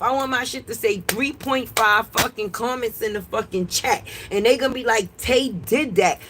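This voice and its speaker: A brash woman talks straight to her livestream chat, swearing freely and scolding the viewers. Her voice sits a little high. Faint noise hangs behind her, as she streams from her phone on the porch. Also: a bit bright. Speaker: livestream host. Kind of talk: casual livestream rant. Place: porch outdoors.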